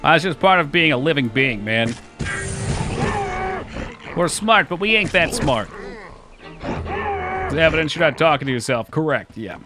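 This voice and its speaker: A man streaming a game live, chatting casually and excitably, joking and swearing often. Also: on the high side, unhurried, long pauses, over music.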